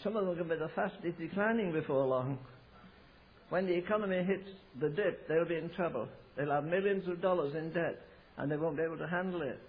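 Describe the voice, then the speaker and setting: High-voiced American preacher on a tinny recording. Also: male voice, a little fast. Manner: storytelling, emphatic, with frequent restarts. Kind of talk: sermon. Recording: tinny, phone-like low-fidelity recording.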